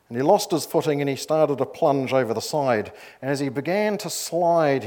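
A man's voice: mid-range voice, a little mellow. A man delivering a sermon in a church, speaking plainly and conversationally. He builds his points with repeated phrases and drops into storytelling with ease. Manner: conversational, with storytelling asides and emphatic repetition. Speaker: preacher.

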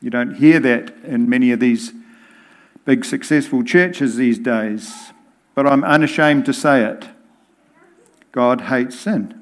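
A man preaching a sermon in a deliberate, emphatic way. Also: mid-range voice.

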